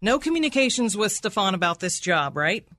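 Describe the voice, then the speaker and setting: Woman prosecutor, combative cross-examiner, animated pitch, dry close sound. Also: brisk, dry recording. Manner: aggressive, repeats answers back with "right?".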